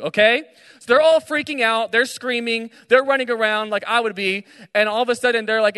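A young man preaching casually to students from a stage, retelling a story with animated asides. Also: very high voice, brisk, clear, resonant tone, dry recording, in a large hall. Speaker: speaker at a student gathering. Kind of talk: energetic sermon. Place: large hall on a stage.

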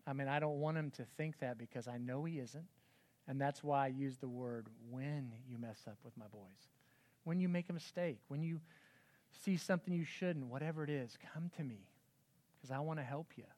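A man's voice: mid-range voice, a little mellow. A middle-aged man giving an earnest, conversational church talk to parents, often acting out quoted dialogue. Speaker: pastor.

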